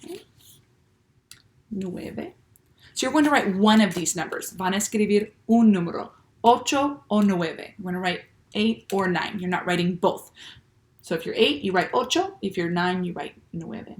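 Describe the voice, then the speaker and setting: A woman teaching young children, speaking slowly and clearly and checking often with "okay?". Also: medium pitch. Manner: patient, slow and clear, with many "okay?" checks. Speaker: Spanish teacher. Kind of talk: classroom lesson for children.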